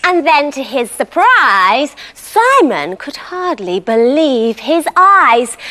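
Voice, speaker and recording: A British woman presenting on children's TV, narrating a rhyming story in an expressive, sing-song way. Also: high voice.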